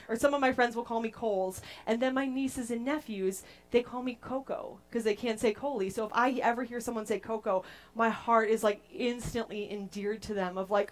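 A young adult woman preaching a casual, playful sermon to a group, chatty and animated as she tells stories. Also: on the high side, moderate pace.

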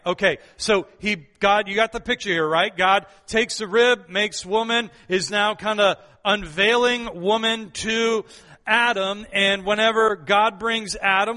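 High, bright-voiced pastor preaching emphatically. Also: male voice. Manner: emphatic, repeats key phrases, playful asides. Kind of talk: sermon.

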